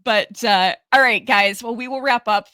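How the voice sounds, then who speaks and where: Bright-voiced female podcast co-host, giggly and halting, dry close mic. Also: on the high side, no echo. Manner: giggly, halting, many restarts. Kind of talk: casual podcast chat.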